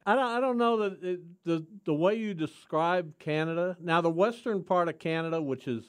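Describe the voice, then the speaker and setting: A man's voice: fairly high pitch, a little slow, pauses often, smooth, no room sound, clean studio sound. A man hosting sports talk radio, teasing his co-hosts in mock-indignant banter. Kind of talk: casual sports radio chat.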